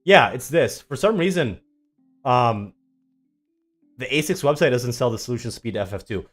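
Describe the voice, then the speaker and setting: Soft music plays behind this tennis YouTuber's live stream as he speaks at a normal speed in an expressive, medium-pitched voice. The young man rambles sarcastically, answering viewers with frequent ums in a casual chat.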